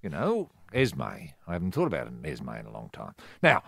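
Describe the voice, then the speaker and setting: A man's voice: a bass voice, huge pitch swings, moderate pace, vocal fry, breathy edge, no room sound, studio quality. A man co-hosting a comedic sports show, talking in a wry, mock-earnest way. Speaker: co-host.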